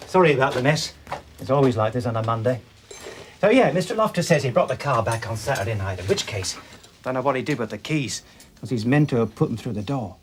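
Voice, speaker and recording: A man's voice: mid-range voice, animated, quick pace, a little hiss or hum, lightly acted. An actor playing a chatty, flustered man who manages a car hire firm, rambling and chuckling as he talks.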